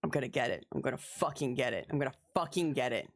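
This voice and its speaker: A woman live-streaming gameplay, commenting as she plays, swearing and yelling at the game, then talking herself back to calm. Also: rumbling low, quick pace. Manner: animated, swears, yells at the game.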